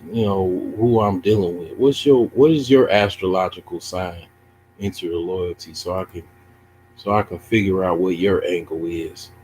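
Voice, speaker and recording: A man who streams chess and mocks a viewer, asking drawn-out questions in a teasing way. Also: low voice, darkish tone, a little hiss or hum, rough recording. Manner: mocking, taunting, drawn-out questions. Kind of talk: casual livestream chat.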